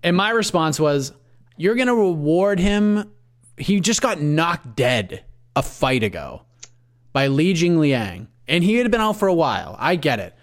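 A man's voice: on the high side, big pitch swings, measured pace. A man co-hosting a casual podcast, recounting his past opinions in a storytelling way. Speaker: podcast co-host. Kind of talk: casual podcast chat about fight matchmaking.

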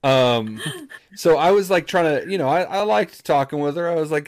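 A man's voice: fairly high pitch, animated, moderate pace. A young man co-hosting a casual podcast with a slightly raised voice. He tells stories in a loose, rambling way with a lot of restarts. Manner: rambling storyteller, many restarts. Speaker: podcast co-host. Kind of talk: casual chat.

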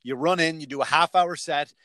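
A man's voice: fairly high pitch, brisk, fairly bright tone, dry recording. Man telling comedy-club stories, dry sound. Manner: storytelling, swears freely, acts out other people's lines. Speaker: stand-up comedian. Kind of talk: casual chat, telling stories.

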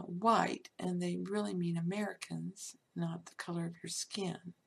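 Gravelly, husky woman ranting off the cuff. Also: on the low side. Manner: emphatic and rambling, many "you know" fillers. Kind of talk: unscripted monologue.

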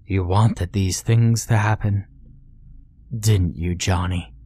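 A man's voice: sits low, steady tone, slow, warm tone, slightly rough, heavily acted. A man doing a cold, scolding mother. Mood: contemptuous. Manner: scolding, contemptuous. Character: cold accusing mother figure.

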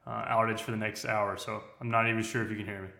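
Bright, echoey man calling in. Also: on the low side, little pitch movement, creaky. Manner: quick, filler-heavy, uh-laden. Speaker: guest handicapper. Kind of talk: casual betting analysis on a video call. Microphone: phone hotspot video call.

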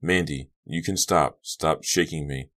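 A man's voice: rumbling low, measured pace, fairly bright tone. A man reading the part of a shaken teenage boy haunted by guilt, his lines strained and anguished. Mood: weary.

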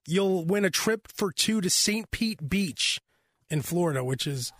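A man's voice: high-pitched, expressive, measured pace, a bit bright, no echo, clean studio sound. A man hosting a radio morning show, rambling and joking in casual on-air banter. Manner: rambling, joking, self-interrupting. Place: radio studio. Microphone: studio microphone.

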